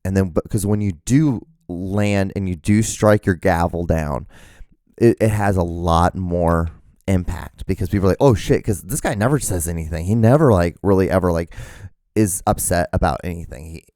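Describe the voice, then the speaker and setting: Rambling low-voiced man, dry sound. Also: moderate pace, a little mellow, dry recording. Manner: rambling, many restarts, swears freely. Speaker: podcast host. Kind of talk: casual solo rambling.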